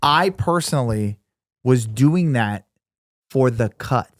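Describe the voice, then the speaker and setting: A man's voice: mid-range voice, expressive, slow pace, dry recording, clean studio sound. Laid-back male podcast co-host. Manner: laid-back, joking, swearing. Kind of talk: casual chat.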